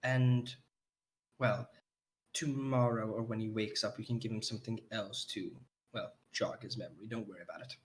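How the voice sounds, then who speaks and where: A man voicing a calm, knowing woman who keeps potions, speaking in a hushed, soothing tone in a tabletop game. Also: sits high, rapid-fire, hardly any pauses, voice pushed up, natural voice, rough recording. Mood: reassuring.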